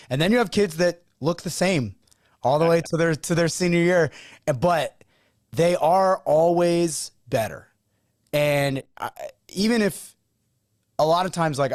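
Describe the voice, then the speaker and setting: A man's voice: medium pitch, dry recording, studio quality. A man hosting a podcast who chats casually, acting out the people he quotes as he tells stories. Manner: animated storyteller acting out quoted dialogue.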